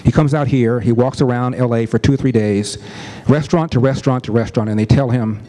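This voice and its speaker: A middle-aged man telling a family story as a commentator, earnest and deliberate, stressing points with repetition. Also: mid-range voice, fairly even intonation, mellow. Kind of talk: storytelling speech.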